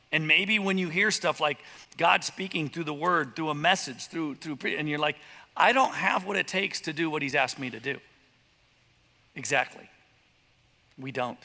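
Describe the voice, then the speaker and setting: A male pastor preaching a sermon, animated, slipping into quick voiced impressions and asides. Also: a little high, creaky. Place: church sanctuary. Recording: church hall reverb.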